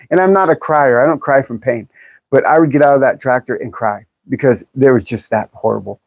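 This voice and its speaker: A woman's voice: extremely low pitch, a little fast, a little mellow, dry recording. A woman in her fifties chatting bluntly and jokingly on a livestream, reading viewer comments aloud and laughing often. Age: 50s. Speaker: livestream host. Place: in California.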